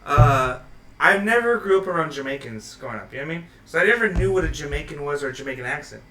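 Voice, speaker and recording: High, bright-voiced podcast host. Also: male voice, quick pace, reverberant, recorded from a distance, slight background noise. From Los Angeles, USA. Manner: animated storyteller, laughs through his stories. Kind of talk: casual podcast chat. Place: podcast studio.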